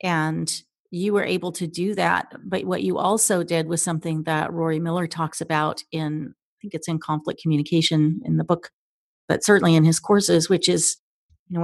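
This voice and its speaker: A woman hosts a relaxed conversation and explains ideas in long, thoughtful turns. Her voice sits low and has a gravelly edge. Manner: reflective, explaining ideas at length. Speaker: host. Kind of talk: casual interview talk.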